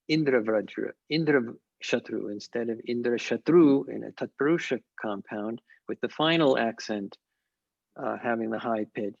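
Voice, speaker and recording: A man speaking at a conference, answering questions in a measured, thoughtful way with frequent pauses and restarts. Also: mid-range voice, vocal fry, dry recording, muffled recording. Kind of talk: academic Q&A on an online call.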